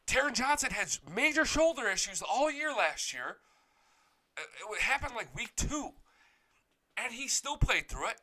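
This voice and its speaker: A man's voice: sits high, pushed and bright. A young man hosting a live sports talk show, ranting with heavy profanity and hype. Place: home studio.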